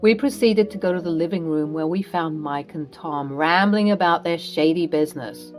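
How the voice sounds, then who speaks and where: A woman's voice: low-pitched, moderate pace, few pauses, soft background music. A woman narrating a scripted story in a dramatic, recounting manner.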